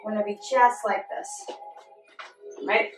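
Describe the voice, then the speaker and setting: Encouraging yoga teacher, echoey room. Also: female voice, mid-range voice, steady tone, unhurried, soft background music. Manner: gentle, encouraging cues. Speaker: yoga instructor. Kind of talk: guided yoga class with a toddler. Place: home room. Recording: echoey room, mic at a distance.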